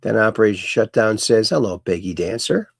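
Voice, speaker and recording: A man hosting a casual livestream in a gravelly, easygoing voice. He rambles along and reads viewer comments aloud, and the mic is close and dry. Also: lowish voice, lively intonation, brisk, no echo. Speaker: host.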